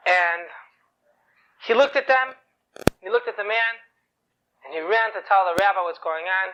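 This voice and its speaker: A man's voice: high-pitched, moderate pace, long pauses. A man telling an inspirational story in a chatty way, often asking rhetorical questions. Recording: dull lo-fi recording.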